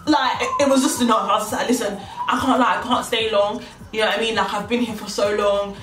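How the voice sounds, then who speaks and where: Talking quickly with fairly even intonation, a young woman vlogger uses slang to tell a story, playing both parts herself. Her voice is medium-pitched and fairly bright; the mic sits at a distance in an echoey room, with faint music audible.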